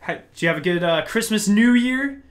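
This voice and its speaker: A young man hosts a casual gaming podcast live from home. His voice sits a bit high, and he rambles upbeat with frequent restarts. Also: lively intonation, fairly quick. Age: young adult. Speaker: podcast host.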